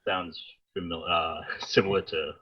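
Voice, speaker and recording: A man's voice: sits low, fairly even intonation, unhurried, slightly rough, muffled recording. A man co-hosting a casual film review podcast who talks animatedly and acts out scenes in quoted voices. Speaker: podcast co-host.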